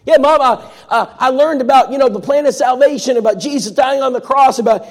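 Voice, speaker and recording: A man's voice: very high-pitched, a little fast, in a large hall, voice pushed up. A man voicing an eager young woman who stammers breathlessly as she talks. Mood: excited.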